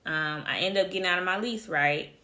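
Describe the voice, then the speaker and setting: A woman's voice: on the low side, a little fast, sharp tone. A woman casually telling a personal story to her viewers, chatty and talking to them directly as y'all. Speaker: vlogger.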